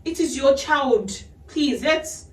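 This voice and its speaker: A woman's voice: mid-range voice, lively intonation, fairly quick. Woman hosting a podcast, earnest and advising, echoey room, mic a bit far off. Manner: earnest, advising, laughs often. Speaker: podcast host. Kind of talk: casual podcast chat.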